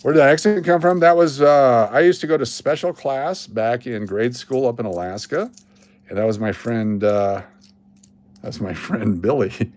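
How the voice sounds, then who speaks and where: A man's voice: medium pitch, moderate pace, a little mellow. A man hosting a coin roll hunting livestream, rambling, joking and answering his chat as he works. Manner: rambling, jokey, talks to chat.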